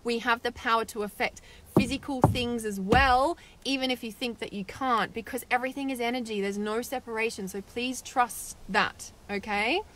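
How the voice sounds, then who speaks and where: A woman's voice: fairly high pitch, steady tone, normal speed, few pauses, fairly bright tone, slight background noise. Chatty woman livestreaming. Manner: chatty, upbeat, lots of "like" and "right?". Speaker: spiritual meditation host reading live comments. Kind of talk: casual livestream chat.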